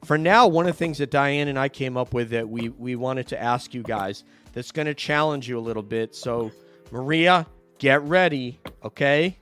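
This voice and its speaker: A man from New York hosting a casual video call chat, jokey and quick to laugh, often trailing off mid-sentence. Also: mid-range voice, a bit bright, smooth, soft background music. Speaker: host.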